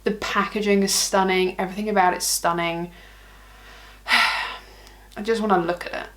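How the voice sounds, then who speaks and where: A woman's voice: mid-range voice, fairly even intonation, normal speed, a bit bright. A woman beauty vlogger in a casual, bubbly chat who gushes about products and jokes at her own expense. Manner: gushing, bubbly, self-mocking.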